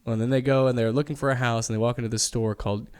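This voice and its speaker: A man's voice: mid-range voice, fairly even intonation, racing, a little mellow, clear, resonant tone. Rambling, joking male podcast co-host. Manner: rambling, loose storytelling with lots of fillers; profane, joking banter. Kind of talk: casual chat.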